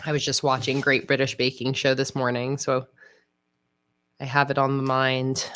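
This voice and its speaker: A woman hosting a casual livestream, chatting in a relaxed way with frequent fillers. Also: a bass voice, normal speed. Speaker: livestream host. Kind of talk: casual livestream chat while planning.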